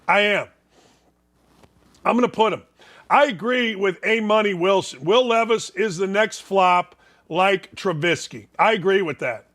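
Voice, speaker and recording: Brash high-voiced sports talk host. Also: male voice, unhurried, fairly bright tone. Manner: brash, folksy, emphatic with repetition. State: congested, sneezing. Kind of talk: opinionated sports talk monologue.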